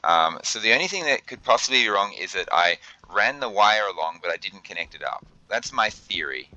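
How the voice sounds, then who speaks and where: Flustered deep-voiced man narrating gameplay. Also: sing-song, a little fast, sharp tone, dry recording, highs cut off. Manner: flustered, thinks aloud with many fillers and restarts. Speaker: gaming video host. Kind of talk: let's play commentary.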